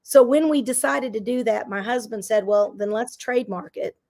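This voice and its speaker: Woman, middle-aged, fairly high pitch, business coach guest, energetic, emphatic, motivational. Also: moderate pace. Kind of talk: casual interview chat.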